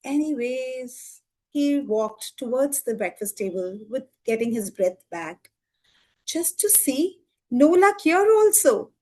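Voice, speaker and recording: High-voiced woman telling a lively story. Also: slow. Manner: lively, expressive, with sound effects. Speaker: storytelling student. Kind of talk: live storytelling performance for children.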